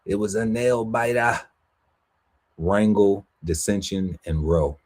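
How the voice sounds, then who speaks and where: Man, podcast co-host, reading a word list, playful asides, very low voice, slow pace. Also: a little mellow. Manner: lists words slowly, riffs playfully on them.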